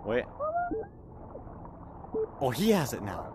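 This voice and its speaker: A woman gamer in a headset giving excitable VR gameplay commentary, often shrieking when chased. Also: a bass voice, slow pace. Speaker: gaming channel host. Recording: loud game noise behind voice.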